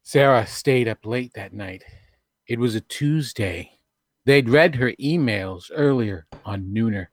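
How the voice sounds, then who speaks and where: A man's voice: mid-range voice, animated, slow, no echo. A man hosting a comedy podcast, reading a fan fiction story aloud with dramatic flair. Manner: dramatic storytelling, breaking into laughs. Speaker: podcast host.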